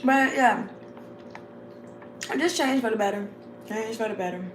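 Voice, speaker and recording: An unhurried woman vlogger with a voice on the high side rambles casually through some motivation for her viewers. She often bursts into laughter and calls them "y'all" and "babes." Echo and faint background noise color the recording.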